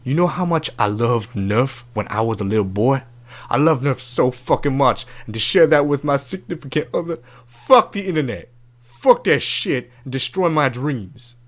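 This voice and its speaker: A man's voice: mid-range voice, lively intonation, normal speed, lightly acted. A man playing a brash, crude love-advice doctor in a comedic podcast bit, talking in swaggering, profane slang.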